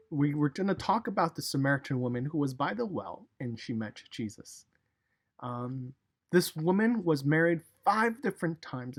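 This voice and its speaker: A man with a husky, slightly breathy voice leads a casual youth devotional. He tells the story in an animated way and keeps turning to speak directly to his listeners. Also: fairly high pitch. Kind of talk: casual recorded devotional talk.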